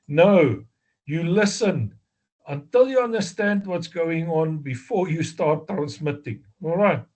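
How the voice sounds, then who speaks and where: A man with a South African accent giving a slow, deliberate exam review lecture, explaining step by step with fillers and self-corrections. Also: fairly high pitch, a little mellow. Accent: South African English. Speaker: amateur radio exam instructor.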